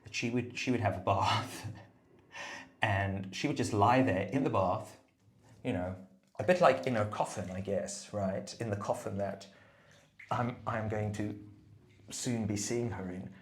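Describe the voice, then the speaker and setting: Low-voiced man musing in a bathroom. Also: measured pace, reverberant. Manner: musing and meandering, self-mocking, drifting into soft murmurs. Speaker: brother recording a voice note. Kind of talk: rambling, reflective voice memo. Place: bathroom, at the bath. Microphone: phone voice note.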